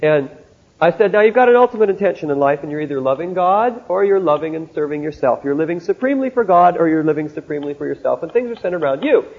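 Male Bible lecturer, direct storytelling sermon style, husky tone, phone-thin old classroom tape. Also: fairly high pitch, expressive, fast. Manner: earnest, direct, storytelling with asides. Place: classroom with a board. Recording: tinny narrow-band old recording.

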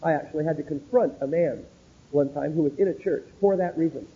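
A man's voice: on the high side, a little fast, slightly rough. A man lecturing students like a sermon, earnest and direct, telling stories with asides at a board in a classroom. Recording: tinny narrow-band old recording.

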